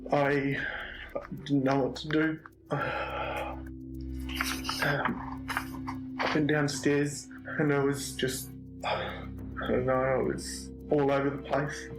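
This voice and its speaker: Brief: halting New man in a police interview, flat and slow, with music under the tape. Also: medium pitch, rough recording. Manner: hesitant, flat, lots of ums and restarts. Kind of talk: recorded police interview confession.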